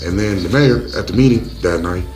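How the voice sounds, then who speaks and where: A young man with a lowish voice tells a movie's story in loose, slangy, joking recap style. Soft music sits faintly underneath his narration. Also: fairly quick.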